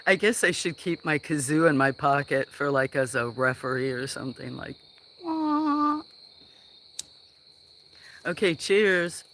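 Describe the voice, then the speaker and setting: A man's voice: medium pitch, moderate pace, few pauses, fairly bright tone, a little hiss or hum. A man hosting a casual livestream from a farm, rambling along with plenty of fillers. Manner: rambling, meandering with many fillers. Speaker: livestream host. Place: farm outdoors.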